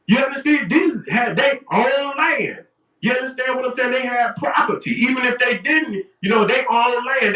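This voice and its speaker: A man's voice: very high voice, sharp tone, roomy sound, recorded from a distance. A man on a livestream in a heated, profane, confrontational rant, often repeating himself.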